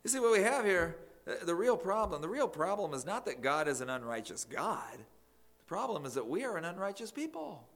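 A man preaching a sermon, emphatic, swinging from loud declarations to near whispers. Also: high voice, big pitch swings, normal speed.

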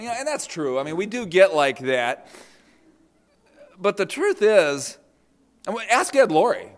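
A middle-aged pastor's voice sits high and sing-song, moving at a moderate pace with long pauses. He preaches by recounting family stories, acting out quotes, and repeating words as he restarts his thoughts.

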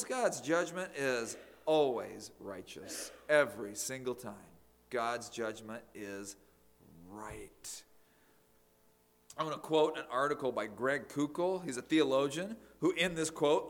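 Emphatic male preacher. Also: medium pitch. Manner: emphatic, swings from loud to near whisper. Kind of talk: sermon.

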